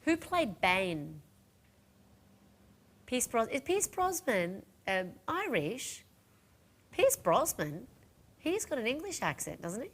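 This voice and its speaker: A woman's voice: on the high side, very animated, slow pace, long pauses. Chatty middle-aged woman selling jewellery live. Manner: chatty, rambling, talks straight to viewers. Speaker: home shopping presenter. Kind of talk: live home-shopping sales chat.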